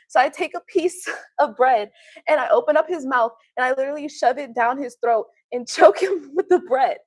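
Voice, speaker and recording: A woman with a fairly high voice chats on her livestream and tells stories bluntly, swearing freely and laughing often. Her voice is close and dry, with no room sound around it. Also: brisk, no room sound. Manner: blunt, profane storytelling with frequent laughs. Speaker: tarot reader and livestream host. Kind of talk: casual livestream chat.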